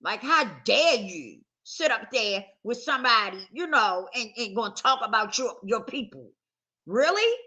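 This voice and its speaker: A woman's voice: on the high side, sing-song, a little slow, pushed and bright. A woman vlogger talking straight to camera in a casual, emphatic rant, circling back to the same points with heat. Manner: emphatic, repetitive, heated.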